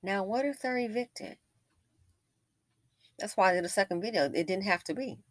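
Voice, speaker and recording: A woman's voice: mid-range voice, animated, moderate pace, long pauses, dry recording. A woman hosts a casual commentary, her voice swinging up and down as she tells the story. She sounds opinionated and wry, and the recording is dry and close. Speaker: commentary channel host.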